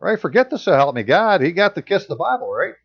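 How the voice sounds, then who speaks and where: A man's voice: high voice, sing-song, quick pace, slightly rough, highs cut off. A man reading passages aloud and commenting on them in casual, sarcastic asides as a channel host.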